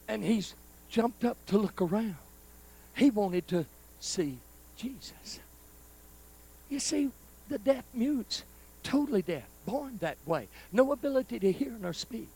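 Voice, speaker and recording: A preacher man with a high-pitched voice and a gravelly edge tells a story from the pulpit during a live church service. He talks to the congregation in a folksy, personal way. His delivery is dramatic, rising to loud bursts and then dropping to near-whispers. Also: lively intonation, a little slow, pauses often. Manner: folksy, conversational, addresses the congregation directly. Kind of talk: storytelling sermon.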